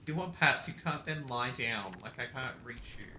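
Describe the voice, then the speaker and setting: A man's voice: mid-range voice, expressive, normal speed, bright, forceful tone, reverberant, slight background noise. A man giving casual, meandering commentary as he plays a video game, chatting to his cat along the way. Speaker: gaming streamer. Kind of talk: casual let's-play commentary.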